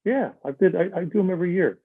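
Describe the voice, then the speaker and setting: A man's voice: sits high, fast, slightly rough, dry recording. An older man chatting as a guest, telling stories animatedly and slipping into other voices for quotes. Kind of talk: casual storytelling chat. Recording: dry, tinny phone-like line.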